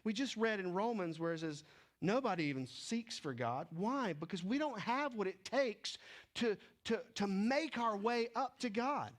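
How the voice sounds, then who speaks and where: A man preaching a sermon, with animated delivery that swings between loud emphasis and hushed, low stretches. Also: moderate pace. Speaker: pastor.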